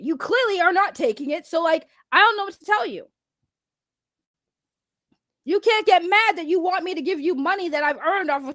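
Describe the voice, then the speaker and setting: A woman's voice: very high voice, a bit bright, dry recording, clean studio sound. A young woman hosting a livestream, ranting bluntly to her chat with constant swearing. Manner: blunt, heavy swearing, talks straight to chat. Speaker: livestream commentary host.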